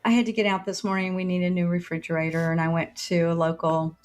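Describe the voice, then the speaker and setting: A woman's voice: on the low side, level tone, quick pace, soft background music. Chatty older woman telling a story. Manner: chatty, folksy storyteller, acts out quotes. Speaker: podcast co-host. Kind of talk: casual chat, telling a story.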